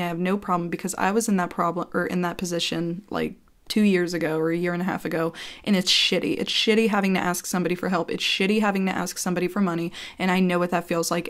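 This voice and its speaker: A woman telling a personal story to camera in a casual vlog, chatty and blunt, swearing freely and filling with "like". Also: lowish voice.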